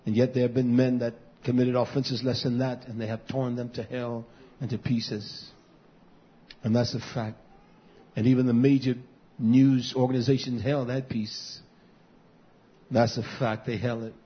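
A man preaching a sermon as pastor, impassioned and swinging between loud and hushed passages. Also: mid-range voice, little pitch movement, unhurried, slightly rough. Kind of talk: sermon to a live stream. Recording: dull lo-fi recording.

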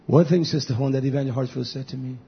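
A male preacher with a raspy, breathy voice delivers a sermon, repeating lines for emphasis and climbing to loud high bursts. The recording is muffled and lo-fi, with the treble rolled off. His pitch sits in the middle range for a man. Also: fairly even intonation, racing. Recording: dull lo-fi recording.

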